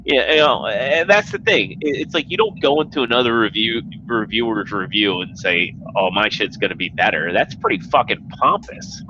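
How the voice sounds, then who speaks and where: A man's voice: medium pitch, expressive, moderate pace, few pauses, pushed and bright, dull audio, slight background noise. A man chatting casually as a guest on a livestream, rambling and swearing, full of fillers. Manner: rambling, profane, filler-heavy.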